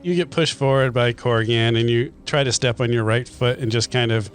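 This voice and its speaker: A man narrating a tabletop game as game master, in a relaxed, loose manner. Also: mid-range voice, brisk.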